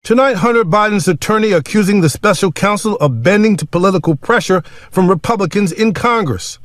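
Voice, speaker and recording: Crisp-sounding male news correspondent. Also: high voice, no room sound. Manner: measured, formal newsreader delivery. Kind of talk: broadcast news report.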